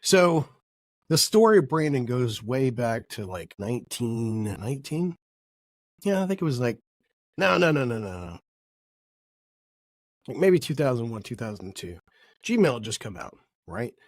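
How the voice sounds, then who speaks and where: A man's voice: mid-range voice, very animated, unhurried, pauses often, dry recording, clean studio sound. Rambling jokey man telling a story. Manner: rambling, self-correcting, jokey. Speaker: podcast host. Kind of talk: casual storytelling monologue.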